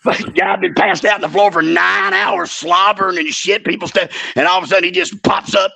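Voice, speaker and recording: A man's voice: sits high, wildly swooping pitch, moderate pace, vocal fry, sharp tone, breathy edge. A middle-aged man telling rowdy, profane stories in casual chat, laughing often. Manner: profane, laughing, rambling storyteller. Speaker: guest, former wrestler.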